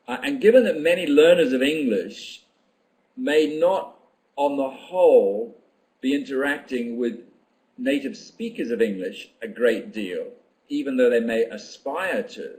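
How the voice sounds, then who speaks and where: An older man leading a teacher-training webinar, reading out participants' comments and reflecting on them in an unhurried, thoughtful way with frequent ums. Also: mid-range voice, a little mellow, low-quality recording.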